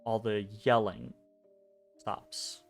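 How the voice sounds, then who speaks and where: A man narrating a dream scene as game master of a tabletop game, measured and hesitant, pausing between phrases. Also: on the low side, little pitch movement, vocal fry. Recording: soft music behind.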